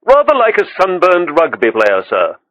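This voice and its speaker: Prim, clipped waiter, higher-pitched, read by a man; dull dry sound. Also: huge pitch swings, normal speed, fairly bright tone, no echo. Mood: deferential. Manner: polite and clipped, lots of "sir". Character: formal, deferential London waiter. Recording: dull, dry audiobook recording.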